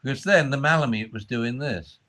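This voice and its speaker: A man explains dog training in conversation, acting out the voices he uses with dogs: high, fussy tones and low, calm commands. He speaks briskly, and there's a little hiss or hum in the recording.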